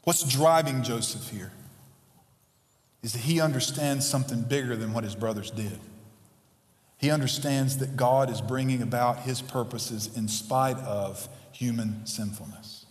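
A man preaching a sermon as pastor, moving from quick asides to impassioned, building emphasis. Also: mid-range voice. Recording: echoey hall, long reverb.

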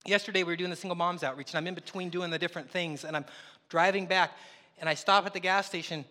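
A man's voice: high-pitched, fairly even intonation, fast, pushed and bright, big-room sound. A man preaching a sermon as pastor, telling stories in a conversational, self-deprecating way. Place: church sanctuary.

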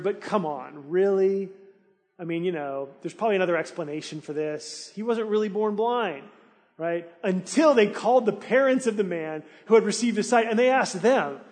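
A man preaching a sermon as a pastor, telling the story with animated energy and briefly acting out the townspeople's voices. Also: sits high, in a large hall.

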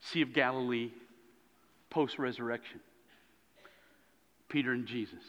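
A man preaching a sermon as a pastor, telling a story with lively swings between loud and hushed moments. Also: mid-range voice, measured pace. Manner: animated storytelling, dropping to hushed tones. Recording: dull lo-fi sound in a reverberant hall.

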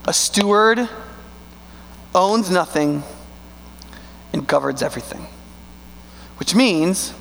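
A male pastor with a high, gravelly voice delivers a sermon, pressing points home with rhetorical questions and words drawn out for weight. His voice rings with long reverb in a large church sanctuary. A faint electrical hum sits under the recording. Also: expressive, fairly bright tone. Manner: emphatic, rhetorical questions, slow stressed words.

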